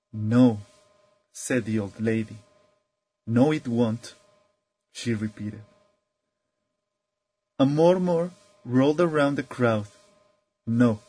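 A man speaking calmly and reflectively as a spiritual teacher, telling a story in a measured way. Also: medium pitch, husky, no echo.

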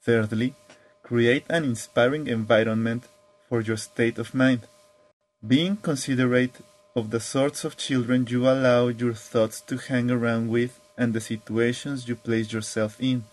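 A man narrating spiritual guidance and a parable in a gentle, measured, earnest way. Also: medium pitch, steady tone, low-quality recording.

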